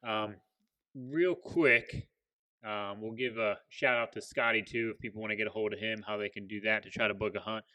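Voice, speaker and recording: A man's voice: on the low side, steady tone, moderate pace, sharp tone, no echo. A man hosting a casual interview, easygoing and affirming with short replies. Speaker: podcast host.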